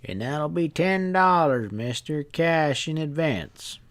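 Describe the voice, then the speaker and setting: A man's voice: on the high side, expressive, pitched above the performer's own voice. A man putting on a sly drawling stableman. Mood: sly, placid. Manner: slow drawl, unhurried and cocky. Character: sly, placid young male stableman.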